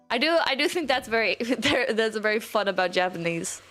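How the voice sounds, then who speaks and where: A woman's voice: fairly high pitch, expressive, brisk, hardly any pauses, fairly bright tone, faint music behind. A young adult woman streaming live, rambling casually, swearing now and then, and reading out chat messages.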